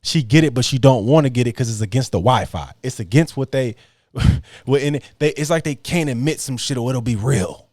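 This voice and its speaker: A man's voice: mid-range voice, animated, fairly quick, darkish tone, no room sound, clean studio sound. A man hosting a podcast, reacting to clips in blunt, profane casual commentary and laughing mockingly.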